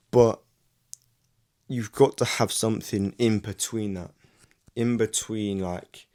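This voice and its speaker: A man's voice: fairly low pitch, darkish tone. A young man in a casual, reflective vlog monologue, speaking earnestly with frequent "like" fillers and restarts. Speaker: YouTuber.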